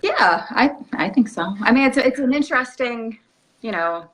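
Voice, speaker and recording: A woman who works as an energy healer, a guest in a casual conversation, telling stories in an animated way and laughing often. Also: on the high side, moderate pace, low-quality recording.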